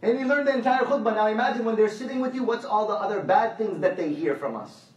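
High-voiced preacher in an echoey hall. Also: male voice, fast. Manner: conversational, repeats phrases, quotes Arabic. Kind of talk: sermon with anecdotes. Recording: echoey hall, mic at a distance.

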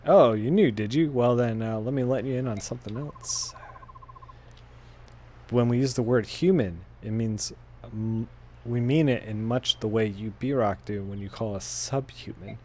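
A man's voice: mid-range voice, normal speed, darkish tone, slight background noise, close to an everyday voice. A man reading as a sly cat-beast warrior. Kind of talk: reading game dialogue aloud.

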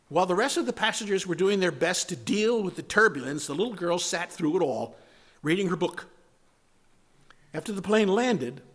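A man preaching a sermon, moving between strong emphasis and hushed, near-whispered lines. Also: fairly high pitch. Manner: dramatic shifts from loud to hushed, near-whispered words. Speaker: pastor.

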